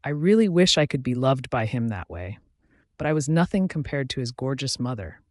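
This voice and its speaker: Male audiobook narrator, soft and dry. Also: medium pitch, lively intonation, brisk, no room sound. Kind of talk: scripted narration.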